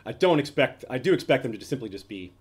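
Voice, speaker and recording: A man co-hosting a casual fan discussion show, speculating out loud, thinking as he talks and often restarting sentences. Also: medium pitch, expressive, fast talker, breathy edge. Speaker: podcast co-host.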